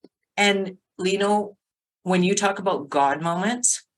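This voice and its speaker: A middle-aged woman, a sobriety coach, telling her story as a podcast guest in a lively way, acting out the voices of others and filling her talk with "like". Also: mid-range voice, a little slow, low-quality recording. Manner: animated, acts out quotes, many "like" fillers. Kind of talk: casual storytelling interview.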